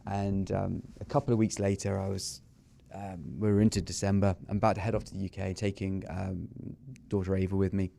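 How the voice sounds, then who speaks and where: A man's voice: low-pitched, little pitch movement, a little fast, creaky, hardly any pauses, dark tone. A middle-aged English man with an English accent, speaking as a podcast guest and telling his story candidly and earnestly. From England. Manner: earnest and openly confessional, acts out remembered dialogue. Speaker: podcast guest, small business owner. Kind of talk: candid personal storytelling in an interview.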